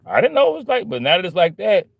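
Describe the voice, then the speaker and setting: Ranting man in his forties, fairly high voice. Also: very animated, fast talker, vocal fry, no echo. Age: 40s. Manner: ranting, profane, repeats "man" and "bro". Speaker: vlogger. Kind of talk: casual monologue.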